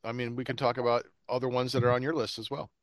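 A man's voice: mid-range voice, little pitch movement, quick pace, no echo. A man in casual podcast chat, hesitant and full of ums, fond of puns.

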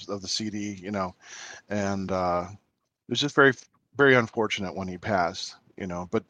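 Soft-spoken rambling man, dry sound. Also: on the low side, dry recording. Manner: rambling, hesitant storytelling with many fillers. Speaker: podcast co-host. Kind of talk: casual chat.

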